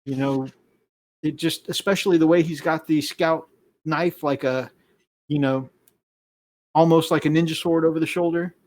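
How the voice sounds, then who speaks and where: A man's voice: fairly high pitch, steady tone, normal speed, pauses often, a little mellow. A man hosting a casual live stream chat, enthusiastic, with many fillers. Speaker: host.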